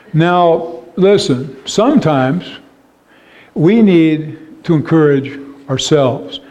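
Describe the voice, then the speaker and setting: A man preaching an earnest sermon of encouragement with a slightly high voice. He reads scripture aloud and keeps checking in with his listeners. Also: darkish tone. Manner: calls out "Amen?" to the congregation. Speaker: pastor.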